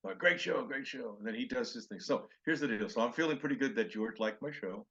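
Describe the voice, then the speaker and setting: A man's voice: on the low side, quick pace, slightly rough, dull audio. Older male comedian telling anecdotes. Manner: animated anecdotes with acted-out quotes. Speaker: comedian guest. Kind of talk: storytelling interview chat.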